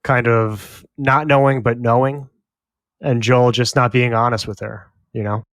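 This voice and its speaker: A man's voice: mid-range voice, fairly even intonation, measured pace, no echo. Laid-back man joking wryly on a podcast. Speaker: podcast co-host. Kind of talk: casual review chat.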